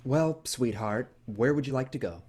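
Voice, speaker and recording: An actor playing a dorky young husband in an audio drama, joking in a deadpan way. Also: male voice, mid-range voice, normal speed, slightly rough, lightly acted.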